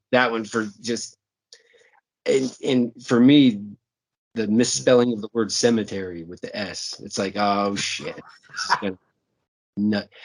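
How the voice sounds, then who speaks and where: A man co-hosting a casual movie chat, rambling and profane, often repeating himself. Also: fairly low pitch. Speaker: podcast co-host.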